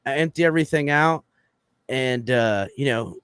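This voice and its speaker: Man, casual podcast storyteller, swears freely, acts out quotes, mid-pitched, dry close sound. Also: normal speed, clear, resonant tone, no room sound. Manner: animated, profane storytelling with lots of fillers; acts out quoted lines in raised voice.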